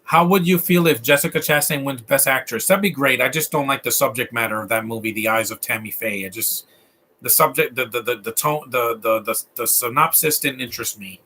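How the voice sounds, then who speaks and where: A man's voice: medium pitch, a little fast, pushed and bright, slight background noise. A man with a Latino accent hosting a live stream and chatting loosely about films, rambling and often restarting his sentences. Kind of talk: casual film commentary.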